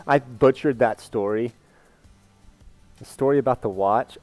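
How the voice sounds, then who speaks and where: A man's voice: mid-range voice, lively intonation, takes it slowly, pauses often, a little mellow, no echo, soft background music. A man chatting casually on a live stream, rambling candidly and reading viewer comments aloud.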